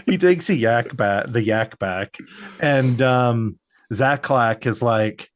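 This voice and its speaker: A man's voice: mid-range voice, slow, a little hiss or hum. A man co-hosting a podcast, recapping a film in rambling casual chat with lots of fillers. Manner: rambling, filler-heavy storytelling. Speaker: podcast co-host.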